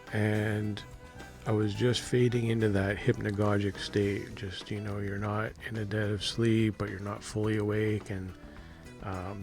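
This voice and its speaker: A man with a drawl talks through his dreams in a loose, hesitant monologue, chuckling softly as he goes. His voice sits a little low. Faint music plays underneath. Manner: rambling, hesitant, with soft laughs. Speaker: dream vlogger. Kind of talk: casual monologue to camera.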